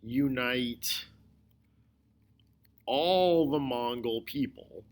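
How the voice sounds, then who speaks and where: Slow, deliberate male history teacher. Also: medium pitch. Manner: slow, deliberate explaining with repetition. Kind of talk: recorded history lecture.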